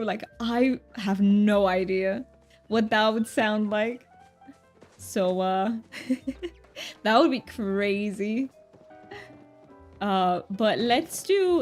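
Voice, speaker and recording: A woman streamer chatting casually while gaming, reading her chat aloud, answering viewers and laughing often. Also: fairly high pitch.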